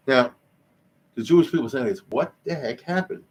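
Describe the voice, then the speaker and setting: A male rabbi teaching Jewish history in a lively, conversational lecture, explaining Hebrew terms as he goes. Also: medium pitch, moderate pace, husky.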